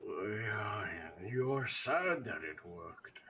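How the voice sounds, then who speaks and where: A man asks questions during a tabletop game, speaking very slowly. He sits far from the mic. A faint noise hangs behind him. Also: on the low side, animated, sharp tone. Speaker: player.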